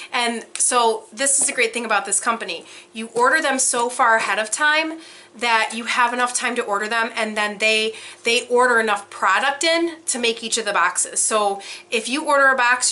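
A woman's voice: a little high, bright, forceful tone, slight background noise. A woman chatting casually while unboxing, gushing and gasping with whispered awe. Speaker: unboxing vlogger.

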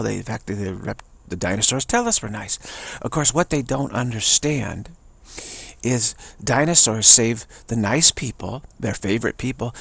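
Gravelly man giving a spiritual talk. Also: mid-range voice, expressive, normal speed, a bit bright. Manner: storytelling, acting out voices, repeating phrases. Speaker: spiritual teacher.

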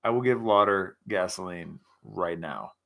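Rowdy gravelly-voiced man. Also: deep voice, measured pace. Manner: rowdy, profane, excitable, joking. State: tipsy from scotch. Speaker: livestream host. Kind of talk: casual chat with chat viewers.

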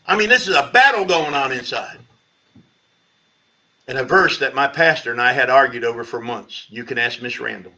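A middle-aged man, a pastor, telling his conversion story at a church Bible study, with lively storytelling that climbs high when he quotes himself. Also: moderate pace. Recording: lo-fi livestream sound.

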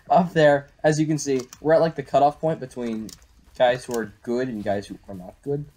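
A young man giving excitable live commentary while playing a shooter game at home on a desktop microphone. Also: mid-range voice, normal speed. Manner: excitable, reactive, frequent exclamations. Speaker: gaming YouTuber.

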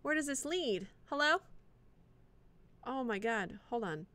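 A woman streamer narrating her own gameplay live, cursing freely and reacting loudly to every setback. Her voice is bright and a little high, and she talks slowly and drawn out between outbursts. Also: lively intonation. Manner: profane, reactive, talks to the game and chat. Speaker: game streamer.

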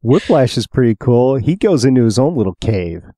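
A man's voice: medium pitch, sing-song, moderate pace, dark tone, no echo. Chatty man podcaster, dry close sound. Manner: chatty, trivia-sharing, laughs often. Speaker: podcast co-host. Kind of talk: casual chat about films.

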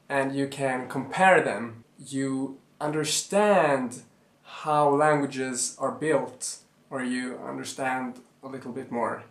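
Slow, unhurried Swedish-accented man. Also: mid-range voice, roomy sound. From Sweden. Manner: plain, explanatory, personal. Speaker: language teacher. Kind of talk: casual video lesson.

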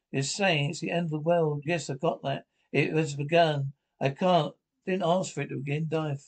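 Man reading a drama aloud, fairly high voice. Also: fairly even intonation, moderate pace, few pauses, low-quality recording. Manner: reads character lines in his own voice with stage cues. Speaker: audio description reader. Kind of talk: reading an audio-described drama with all the voices.

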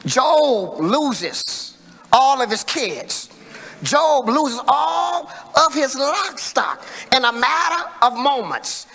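Bright-voiced preacher in echoing church. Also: male voice, very high-pitched, lively intonation, slow pace, vocal fry. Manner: call-and-response preaching, building to emphatic shouts. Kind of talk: sermon. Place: church sanctuary. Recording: echoey church hall reverb.

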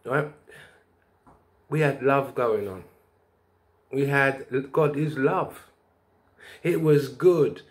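A man vlogging, telling a rambling spiritual story in a preachy, lively way with bursts of laughter. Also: medium pitch, drawn-out words, pauses often.

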